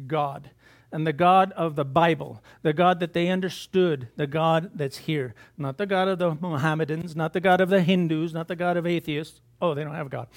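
A man delivers a sermon with a slightly higher-than-usual pitch. He talks from the pulpit in a loose, conversational way, breaking off for asides and repeating words as he goes. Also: vocal fry. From United States. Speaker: pastor.

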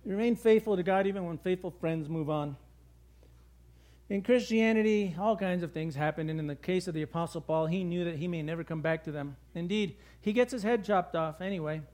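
A middle-aged man with a high voice preaches a sermon. He tells stories in a lively, conversational way from the pulpit. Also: fairly quick. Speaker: pastor.

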